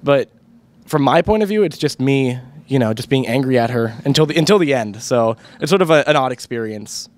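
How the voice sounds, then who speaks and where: A teenage boy, a high school actor, answering questions in a rambling way with many fillers. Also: animated, fairly quick. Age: teens. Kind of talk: casual interview answers.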